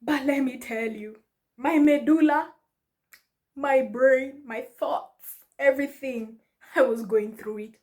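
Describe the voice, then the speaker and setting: A young woman giving casual life advice to her viewers, animated and laughing often, mixing in Swahili slang. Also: a little high, unhurried. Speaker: vlogger. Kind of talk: casual advice talk to camera.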